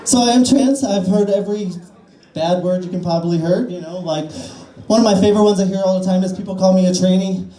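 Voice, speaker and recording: A woman's voice: medium pitch, quick pace, warm tone, a little hiss or hum. A trans woman in her twenties doing a crude, self-deprecating stand-up set, rambling with fillers. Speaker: stand-up comedian. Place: small cafe-bar stage. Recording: echoey bar room.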